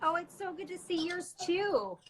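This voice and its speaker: Over a rough phone recording, a woman with an extremely high voice and big pitch swings hosts a casual livestream at normal speed. She's bubbly and chatty, laughing often, from indoors at her quarantine lodging.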